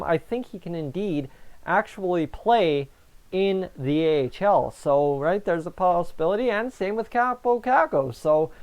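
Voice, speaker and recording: Guy from canada talking on his live stream, chatty, reads out comments, smooth clear voice. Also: high-pitched, a little mellow. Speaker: fan streamer and host. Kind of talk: casual live-stream chat.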